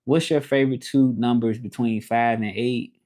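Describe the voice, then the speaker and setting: A man's voice: medium pitch, fairly even intonation, normal speed, darkish tone. A man hosting a casual livestream, rambling with restarts and reading chat comments aloud. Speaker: livestream host. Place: home, livestreaming from Mexico.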